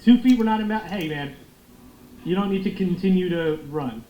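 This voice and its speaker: A young man giving loud, excitable, profane commentary while playing a football video game. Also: sits high, moderate pace. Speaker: gaming streamer. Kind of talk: live gameplay commentary. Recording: echoey room with faint noise.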